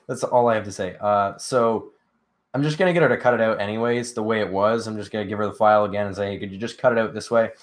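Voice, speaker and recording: A man's voice: fairly low pitch, fast. A sleepy young man hosting a casual live stream, rambling with lots of fillers and answering chat. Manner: rambling, filler-heavy, reads chat aloud. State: sleepy, yawning. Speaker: livestream host.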